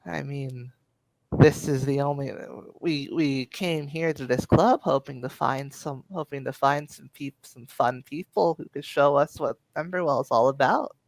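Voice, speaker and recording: A man playing a sly flirty woman, coaxing, gravelly voice, tabletop game. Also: mid-range voice, a little slow, no echo, low-quality recording.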